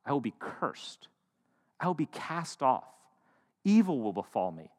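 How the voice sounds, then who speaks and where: A nervous, pleading young man, as a preacher acts him out, fretting that he'll be caught. His voice rises and falls in a lively way. The sound rings with a long echo. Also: medium pitch, measured pace. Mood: fearful. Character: nervous young man Jacob, worried about being caught. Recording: echoey hall.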